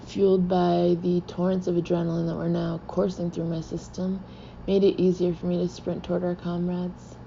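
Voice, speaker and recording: A woman's voice: fairly low pitch, creaky, dark tone, a little hiss or hum. A woman reading a novel aloud in the first person, with dry, wry storytelling. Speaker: audiobook reader. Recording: muffled lo-fi recording.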